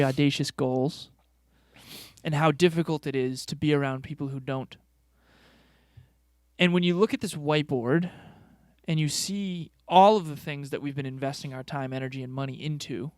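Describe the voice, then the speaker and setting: A man's voice: on the high side, dry recording, studio quality. A man co-hosting a podcast in a casual, chummy way, prompting his partner with questions. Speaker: podcast co-host.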